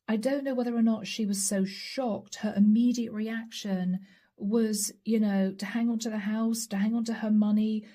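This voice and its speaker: A woman giving a channeled tarot reading. She speaks intimately and repetitively, addressing the listener directly and sometimes dropping to a soft whisper. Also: mid-range voice. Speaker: tarot reader.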